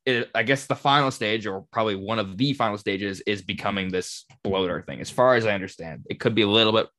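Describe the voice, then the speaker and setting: Low-voiced man explaining game lore. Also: fast talker, fairly bright tone. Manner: explains game lore, trails off, laughs often. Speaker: podcast co-host. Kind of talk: casual chat.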